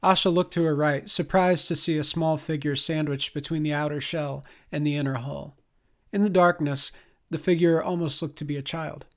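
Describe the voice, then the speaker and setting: A man reading a science fiction audiobook as narrator, in a measured, expressive way. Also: fairly high pitch. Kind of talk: scripted narration.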